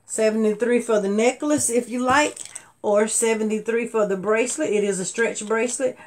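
A middle-aged woman, chatting to viewers on a live jewelry sale, laughing often and jumping from low murmurs to excited high bursts. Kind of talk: live selling stream, casual chat to viewers.

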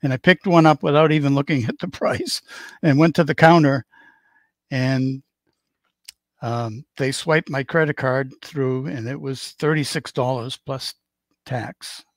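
A man's voice: medium pitch, unhurried, dry recording. A man in his seventies with a Boston accent, chatting as a stream guest and telling rambling, joking stories. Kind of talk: casual chat on a stream.

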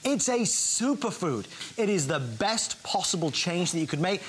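A man's voice: sits high, big pitch swings, moderate pace, a bit bright, a little hiss or hum. Upbeat male shopping-channel host. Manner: upbeat, urgent sales patter. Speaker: show host. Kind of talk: home shopping presenting.

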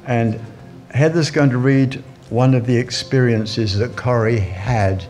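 A man's voice: medium pitch, steady tone, a little slow, darkish tone, soft background music. A man from New Zealand preaching a sermon in church, telling anecdotes with chuckling asides and fillers.

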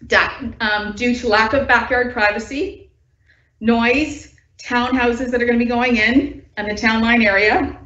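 A woman's voice: fairly high pitch, a bit bright. A woman resident giving nervous, earnest public comment from home, her voice shaking with upset. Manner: earnest, nervous, pressing objections. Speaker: resident speaking at a council meeting. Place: indoors at home. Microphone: video call. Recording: distant, echoey, dull video call audio.

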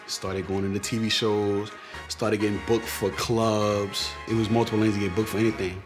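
A young man telling his story in a relaxed, slangy, animated way. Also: on the low side, moderate pace, music in the background. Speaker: viral comedian. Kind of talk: casual storytelling interview.

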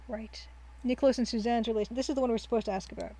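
A woman's voice: on the high side, dark tone, poor audio. A woman hosting a let's play, chatting casually, reading the game's text aloud and laughing often. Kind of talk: casual gameplay commentary.

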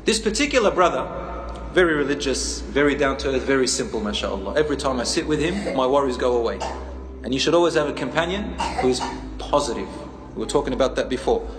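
A man's voice: mid-range voice, expressive, fast, over music. A man, a teacher, giving a sermon, telling stories and asking his audience questions. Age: adult, a teacher. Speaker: preacher. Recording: echoey hall, faint ambience.

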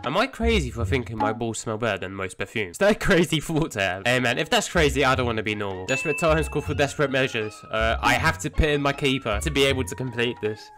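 A young man commentating his own football video game matches, excitable and swearing often with crude jokes. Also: medium pitch, fast talker, hardly any pauses, music in the background. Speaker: gaming YouTuber. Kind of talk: live gameplay commentary.

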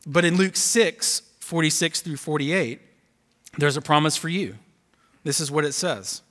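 A man delivers a sermon, reading scripture aloud and pressing hard on key lines. His voice sits a little high for a man. The sound carries a long church-hall reverb. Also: fairly bright tone. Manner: reads scripture aloud, building emphasis. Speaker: pastor. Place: church auditorium.

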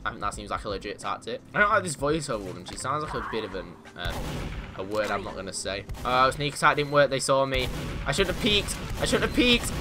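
A man giving casual, excitable commentary on his own gameplay, boasting in jest and yelping when things go wrong. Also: medium pitch, fast, faint music behind. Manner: excitable, mock-boastful, yelps and laughs in panic.

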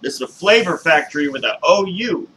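Easygoing American man, bright tone. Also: on the high side, animated, rough recording. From United States. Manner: easygoing, quick agreeing asides. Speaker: co-host of a review show. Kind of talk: casual chat. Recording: faint background noise.

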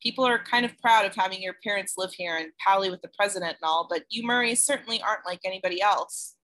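A woman's voice: medium pitch, fast, sharp tone, close to an everyday voice. A woman voicing a teenage boy who talks in a loose, frank, thoughtful way. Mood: musing.

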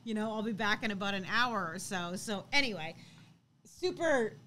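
A woman in her thirties co-hosting a casual chat, telling a story in an animated way and laughing as she acts out what people said. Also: medium pitch, normal speed, slight background noise. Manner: animated, laughs while acting out quotes. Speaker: co-host.

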